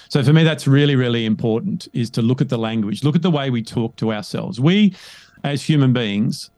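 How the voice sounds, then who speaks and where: A man speaking as a coach in a conversational interview, emphatic and animated, often checking in with "right?". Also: mid-range voice, normal speed, dry recording. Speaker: guest, leadership coach.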